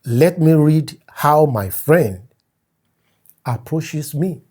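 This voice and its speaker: A man's voice: fairly high pitch, expressive, drawn-out words, dark tone, breathy edge. A man from Africa giving an emphatic opinion vlog, repeating his key points and stressing words as he goes. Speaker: commentator.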